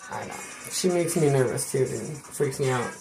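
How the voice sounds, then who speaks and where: A woman's voice: a bass voice, moderate pace, over music. A woman streamer chatting casually to her viewers, laughing often and swearing freely as she tells stories. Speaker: live streamer. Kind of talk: casual chat on a live stream.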